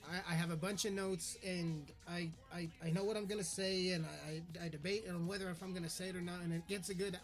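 A man's voice: high voice, fairly even intonation, brisk, hardly any pauses, faint music behind. A man hosting a podcast, ranting in anger, swearing constantly and stumbling over his words. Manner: profane, stammering, heated. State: furious. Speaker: podcast host. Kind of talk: angry podcast sign-off rant.

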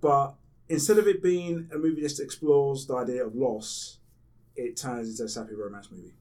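A man in a casual chat talks quickly and bluntly, swearing often. He sits some way from the mic, so his voice sounds a little distant. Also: mid-range voice, fairly even intonation, dark tone.

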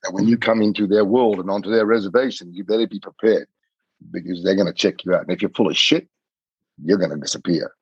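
A man, a podcast guest, telling a story in an earnest, animated way. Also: sits low, slightly rough, dry recording, highs cut off. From Australia. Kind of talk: storytelling in conversation.

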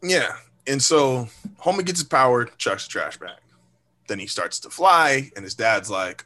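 A man co-hosting a podcast, telling a story in a casual, animated, profane way and acting out quoted lines. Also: mid-range voice, a little slow. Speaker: podcast co-host. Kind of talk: casual chat.

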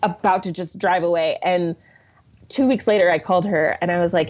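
A young adult woman, a podcast guest, telling stories in an animated way and often laughing through casual conversation. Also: lowish voice, fairly quick. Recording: dull lo-fi sound.

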